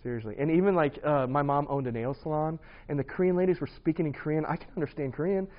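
A man's voice: a little high, quick pace, dull audio. A man in his thirties giving an earnest, conversational personal testimony. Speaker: speaker sharing his testimony.

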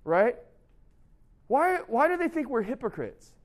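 A man's voice: extremely high pitch, unhurried. A young man giving a youth sermon as a pastor, talking casually and acting out the excuses his students make. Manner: conversational and animated, acts out students' excuses.

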